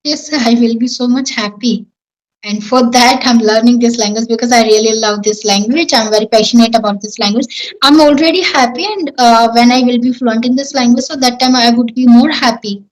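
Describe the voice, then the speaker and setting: A woman's voice: fairly high pitch, steady tone, a little fast, poor audio. A woman with an Indian accent answering questions in casual English practice, earnest and self-assured. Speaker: English-learning YouTuber.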